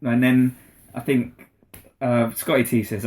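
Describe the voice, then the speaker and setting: A man's voice: medium pitch, takes it slowly. A man co-hosting a podcast, retelling scenes in casual chat and acting out quotes. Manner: animated storyteller, acts out quotes. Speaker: podcast co-host.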